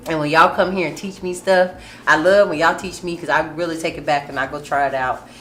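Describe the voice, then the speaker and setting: A woman hosting a casual talk show, chatting openly and breaking into loud laughter. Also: deep voice, a little fast. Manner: laughs often, loud bursts of excitement. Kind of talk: casual chat. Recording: echoey room with faint noise.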